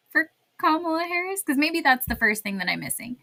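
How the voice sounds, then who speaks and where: A woman co-hosting a podcast in casual chat, sarcastic and quick to laugh. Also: high-pitched, sing-song, vocal fry, bright, forceful tone. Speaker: podcast co-host.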